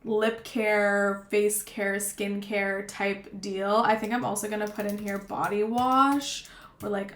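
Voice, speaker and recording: A woman's voice: medium pitch, level tone, unhurried, few pauses. A young woman chatting casually about gift ideas, rambling with lots of fillers. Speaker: vlogger. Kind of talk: casual gift-guide talk to camera. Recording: roomy echo.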